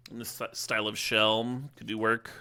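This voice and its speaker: A man's voice: lowish voice, completely flat delivery, moderate pace, sharp tone, clear, resonant tone. A man streaming a card-game draft, chatting casually and telling rambling, joking stories to his viewers. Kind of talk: casual live-stream commentary.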